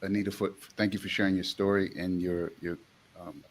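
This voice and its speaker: A man in his forties, a chef, speaking on a panel in a halting way with many fillers and restarts. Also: deep voice, level tone, slight background noise. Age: 40s. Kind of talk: panel discussion.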